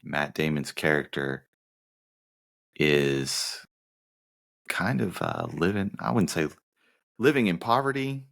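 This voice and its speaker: Very deep-voiced man co-hosting a podcast. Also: expressive, slow, gravelly, pauses often, fairly bright tone. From Southern United States. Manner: teasing, rambling plot summaries. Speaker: podcast co-host. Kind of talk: casual movie-review chat.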